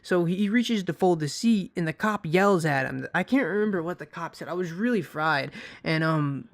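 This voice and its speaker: Rambling young guy with a highish voice. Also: expressive, moderate pace. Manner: rambling, profane, lots of fillers and restarts. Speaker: vlogger. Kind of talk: casual storytime.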